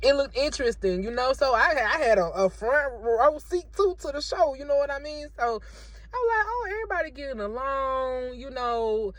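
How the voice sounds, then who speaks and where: A woman's voice: high voice, animated, moderate pace, no echo. Woman, emotional testimony vlog, repeats herself, preachy, dry close sound. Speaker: vlogger sharing a faith testimony. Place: in her car.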